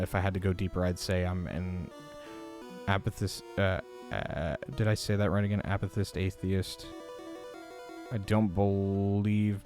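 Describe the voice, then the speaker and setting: A man with a lowish voice chatting casually on a live stream. He rambles and swears freely, jumping between thoughts with lots of fillers. His delivery turns animated when he gets worked up. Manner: rambling, profane, animated rants. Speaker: livestream host. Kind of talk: casual livestream chat.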